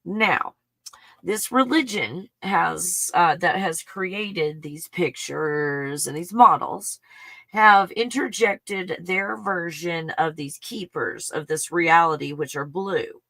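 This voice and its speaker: Livestream host, excited monologue, bright forceful tone, dry close sound, prone to swearing and exclaiming. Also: medium pitch, slow, no echo. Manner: thinks aloud, bursts into exclamations; swears under breath. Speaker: live stream host.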